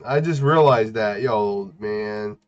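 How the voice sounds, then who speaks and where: A man casually chatting while streaming a game, playful and teasing, with sudden loud outbursts and sing-song scatting. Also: fairly low pitch, slow pace. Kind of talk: casual gaming stream chat. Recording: muffled lo-fi stream audio.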